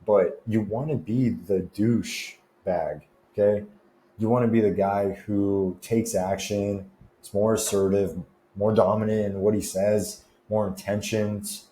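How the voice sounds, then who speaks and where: A man's voice: on the low side, fairly even intonation, measured pace, dark tone. A young man coaching fitness and confidence in a laid-back, slangy, chatty way. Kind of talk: casual advice vlog. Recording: roomy echo with faint noise.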